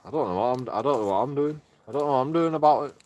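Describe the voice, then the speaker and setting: A man's voice: medium pitch, expressive, very fast, darkish tone. A man streaming casually, coaxing his dogs in a singsong voice, swearing and making mock threats. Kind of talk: casual chat with his pets.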